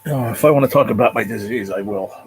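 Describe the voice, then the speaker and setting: A man hosting his own livestream from his apartment, talking casually and emotionally in a halting, repetitive way with a lot of swearing. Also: fairly low pitch, a little hiss or hum, poor audio. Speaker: livestream channel host. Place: apartment at home.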